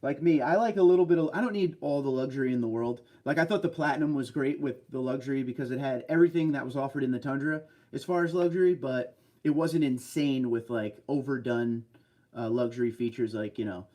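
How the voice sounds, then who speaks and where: A man's voice: mid-range voice, a little fast, warm tone. A man hosting a casual livestream from a desk chair at home, chatty as he reads viewer comments aloud and answers them. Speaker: livestream host.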